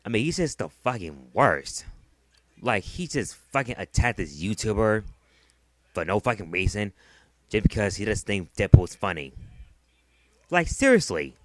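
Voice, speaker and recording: A man's voice: lowish voice, no room sound. A man delivering a heated, profane vlog rant, often repeating himself. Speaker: vlogger. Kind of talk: angry ranting vlog.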